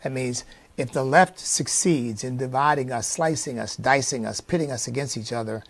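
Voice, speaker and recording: Gravelly-voiced man making an earnest appeal. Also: medium pitch, normal speed, no echo. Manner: earnest, preacher-like emphasis with frequent fillers. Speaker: leader of a conservative organization. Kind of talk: speech appealing for support.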